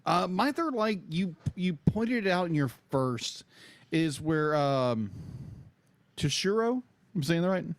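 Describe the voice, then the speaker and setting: A podcast co-host chats casually and hesitantly, with many fillers. His voice is fairly high-pitched and very animated, and he takes it slowly.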